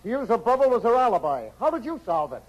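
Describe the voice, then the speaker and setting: An eager ticket clerk. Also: male voice, very high voice, very animated, fast talker, exaggerated voice, low-quality recording. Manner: eager, fawning. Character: gushing male airline ticket clerk. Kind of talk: 1940s radio comedy acting.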